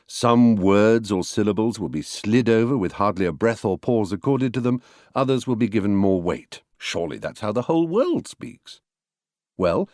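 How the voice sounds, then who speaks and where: Wry man reading a lively lesson. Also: on the low side, no room sound, studio quality. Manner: wry, explanatory, demonstrates word stress aloud. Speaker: reader of a book on verse. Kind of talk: scripted audiobook narration.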